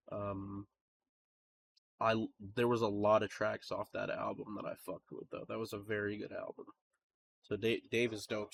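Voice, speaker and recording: A man's voice: fairly low pitch, vocal fry. A man hosting a music reaction video, talking casually with fillers and restarts. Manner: relaxed, rambling with fillers and restarts. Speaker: music reaction channel host.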